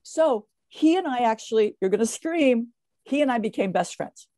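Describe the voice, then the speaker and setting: An older woman, a guest in an interview, telling stories in a lively way with many fillers and restarts. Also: fairly high pitch, moderate pace, no echo. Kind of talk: casual interview storytelling.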